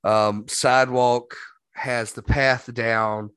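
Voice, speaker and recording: A man's voice: medium pitch, flat delivery, takes it slowly, fairly bright tone, clear, resonant tone, no room sound. A man hosting a podcast, telling a rambling story in casual chat. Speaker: podcast host.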